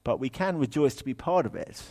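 A man's voice: medium pitch, animated, a little fast, dark tone. A man preaching a sermon in a chatty, humorous way, animating the verses he reads aloud.

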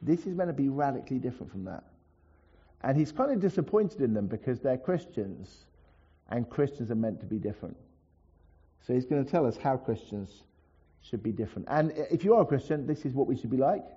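A man preaching in a church, talking to his congregation in a loose, chatty way. His voice is mellow and a little husky, and the recording sounds dull and lo-fi. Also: medium pitch, animated, a little fast. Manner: conversational, with asides to the congregation. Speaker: pastor. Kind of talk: sermon.

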